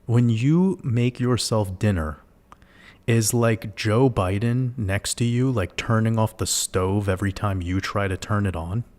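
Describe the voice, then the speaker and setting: A man with a fairly low voice hosts a casual livestream. He talks straight to his viewers in an animated way, with plenty of swearing and rhetorical questions. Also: unhurried. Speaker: livestream host.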